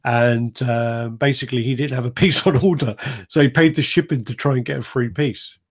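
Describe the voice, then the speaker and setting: A man's voice: medium pitch, fairly even intonation, fairly quick. A man hosting a casual live stream chat, rambling, swearing freely and laughing often.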